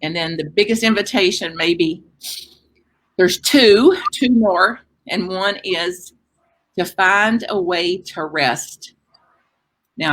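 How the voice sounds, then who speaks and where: A woman's voice: lowish voice, rough recording. Woman preaching a conversational sermon. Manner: conversational, warm-hearted preaching with lively emphasis. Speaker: minister.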